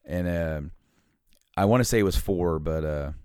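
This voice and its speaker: A man in a casual chat who tells long stories in a halting, rambling way with many fillers. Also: low-pitched, darkish tone, clear, resonant tone, no room sound, studio quality.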